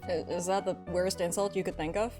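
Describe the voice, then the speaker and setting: A woman's voice: lowish voice, fairly even intonation, music in the background. A woman streamer chatting playfully and teasing her co-host while they voice a game. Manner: playful, teasing, quick laughs. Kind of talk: casual chat and game voicing.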